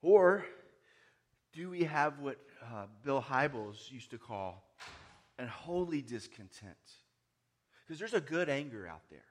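A man preaching a sermon, moving from hushed, quiet lines to loud, raised ones and asking his listeners many questions. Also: medium pitch, sing-song, takes it slowly, long pauses. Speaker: pastor.

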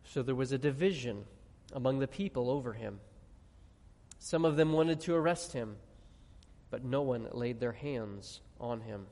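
A man preaching a sermon, emphatic, asking the audience questions and dropping quiet on key words. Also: medium pitch. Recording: long reverb of a large hall.

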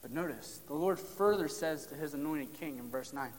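A man delivers a sermon in a fairly high voice. He preaches with emphasis, then drops to near-whispers to drive a point home. His words ring out in a long reverberant hall. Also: moderate pace, slight background noise. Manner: emphatic, drops to hushed tones for stress.

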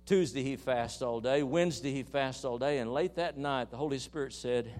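In church, a man with a mid-range voice preaches a sermon at normal speed with few pauses. He tells a story and builds into loud, emphatic praise, calling on the congregation to respond.

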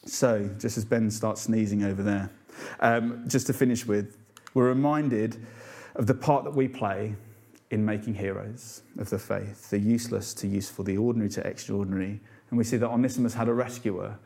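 A man's voice: on the low side, steady tone, normal speed, creaky, darkish tone. A man preaching a sermon to a congregation in an earnest, unpolished way, asking rhetorical questions with some fillers and restarts.

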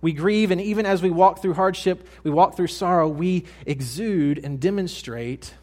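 A young adult male pastor preaching a sermon, earnest, dropping to hushed tones and then rising to loud emphatic lines. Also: high voice, moderate pace.

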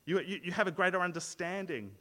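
A man's voice: high-pitched, quick pace, bright, forceful tone. Earnest male preacher in a reverberant hall. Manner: earnest, explanatory, frequent word repeats and restarts. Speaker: pastor. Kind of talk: sermon.

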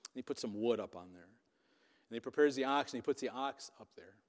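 A man preaching a sermon, retelling scripture as lively storytelling with sarcastic asides. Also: mid-range voice, a little fast. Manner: animated storytelling, voicing quotes with sarcasm. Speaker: pastor. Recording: long hall reverb.

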